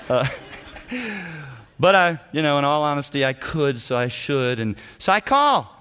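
A man, a senior pastor, giving a teaching talk to church leaders and telling stories with lively acted-out dialogue. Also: a little high, slow pace, long pauses, slight background noise. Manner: animated storyteller, acts out dialogue, chuckles often.

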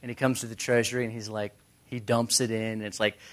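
A man's voice: on the low side, heavy background noise. A man preaching a casual sermon who tells stories and briefly acts out the crowds. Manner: conversational, animated storytelling with quick voices for crowds. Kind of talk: casual sermon with acted-out scenes.

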